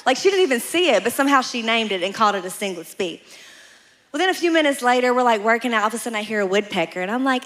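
A woman's voice: on the high side, animated, fast, a bit bright. A woman pastor preaching a sermon, telling a story with playful asides and acting out voices.

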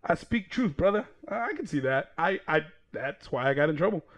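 A man in his thirties hosting a podcast, casual and profane, excitable and quick to laugh. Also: a little high. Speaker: podcast host.

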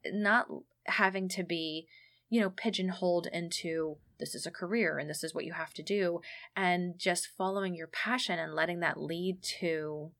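A woman's voice: on the low side, steady tone, moderate pace, gravelly, fairly bright tone. A woman in her thirties chatting casually on a podcast, telling stories and quoting others in dialogue. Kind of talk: casual chat.

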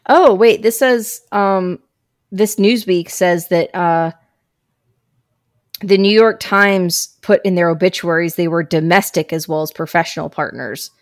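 A woman's voice: fairly low pitch, measured pace, no room sound, clean studio sound. A woman co-hosting a podcast, chatting casually in a hesitant way, with lots of fillers and sentences that trail off. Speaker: podcast co-host. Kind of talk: casual chat.

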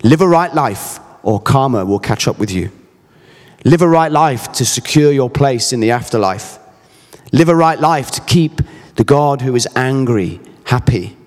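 A man's voice: mid-range voice, lively intonation, unhurried. Man preaching in a reverberant hall. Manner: earnest, emphatic, personal storytelling. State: briefly emotional. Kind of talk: sermon.

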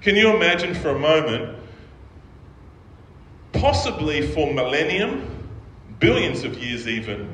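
A man with a slightly high, somewhat bright voice preaches a sermon as a pastor, very animated yet unhurried and pausing often. He keeps it conversational, checking in with the congregation through frequent "right?" asides. The hall is echoey with faint ambience.

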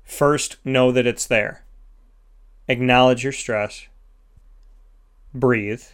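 A man's voice: medium pitch, steady tone, drawn-out words, clean tone. A man hosting a motivational self-help segment, speaking earnestly in repeated, emphatic lists. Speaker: host of a sponsored motivational segment.

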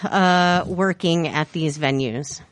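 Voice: mid-range voice, slow pace, no room sound. A podcast host asking the guest questions in casual chat, wry and prompting.

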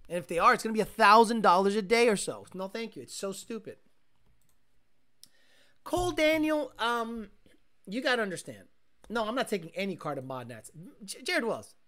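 A man's voice: high-pitched, sharp tone. A man hosting a casual live stream, chatting with his viewers and ranting in an exasperated, profane way. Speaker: livestream host reading chat.

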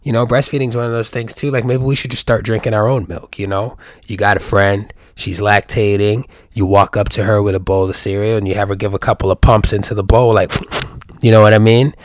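His voice is on the low side, captured in clean studio sound with no echo. He's a young New Yorker hosting his own podcast, riffing alone in a profane, jokey ramble loaded with rhetorical questions.

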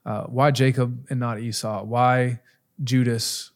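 A middle-aged man hosting an interview, telling his story in a candid, animated way with frequent asides. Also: mid-range voice, slow pace. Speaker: podcast host. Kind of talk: casual conversational interview.

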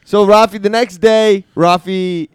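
A man's voice: high-pitched, fairly even intonation, unhurried, clean tone, no echo, studio quality. A man co-hosting a podcast, casually recapping a show and laughing often. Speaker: podcast co-host. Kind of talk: casual chat.

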